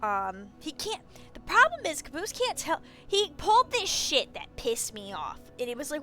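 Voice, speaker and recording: A young woman chats on a live stream, rambling from one thought to the next and swearing freely. Her voice sits a little high, and soft music plays faintly underneath. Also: wildly swooping pitch, moderate pace. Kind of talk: casual chat.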